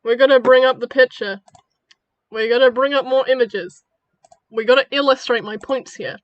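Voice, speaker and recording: A woman's voice: high-pitched, moderate pace, dry recording, highs cut off. A young woman chatting casually in her bedroom, rambling and giggling as she talks through her old story ideas. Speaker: creator of the channel.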